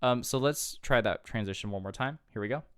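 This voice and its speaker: A man's voice: medium pitch, fairly quick. A man giving a casual guitar tutorial, patiently walking through chords and counting beats aloud. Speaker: guitar teacher. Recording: loud guitar music underneath. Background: guitar playing.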